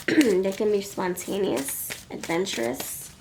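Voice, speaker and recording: This tarot reader talks slowly in a medium-pitched voice with vocal fry, against background noise. Her casual reading is full of giggles, with coughs, laughs, and sniffles cutting in between sentences.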